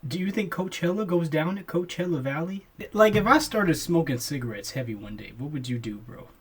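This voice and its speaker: A young man co-hosting a podcast chats casually in a laid-back way, laughing often and calling his friend "bro" a lot. His voice is on the high side, expressive, slightly rough, and a little fast.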